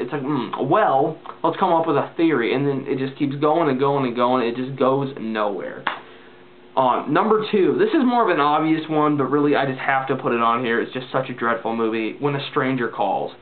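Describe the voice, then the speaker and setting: A man's voice: mid-range voice, lively intonation, brisk. A man casually ranting in a vlog, rambling and exasperated, with lots of filler words. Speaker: vlogger. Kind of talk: casual ranting movie review. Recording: tinny phone-like lo-fi sound.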